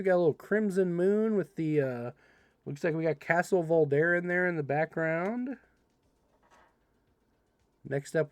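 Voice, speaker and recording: A young man hosts a live card-opening stream, rattling through card text and tossing playful asides to his viewers. His voice swings widely in pitch and sits a little higher than most men's. The sound is close and dry, with no room echo. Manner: animated, reads card text quickly, playful asides to chat. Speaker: livestream host opening card packs. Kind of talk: casual livestream commentary.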